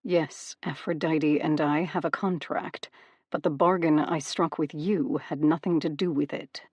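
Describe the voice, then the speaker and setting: A woman's voice: fairly even intonation, a little mellow, husky, dry recording. Woman voicing a stern brooding god of death. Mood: stern calm. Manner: measured, controlled and low. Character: brooding male god of the dead, calm and stern.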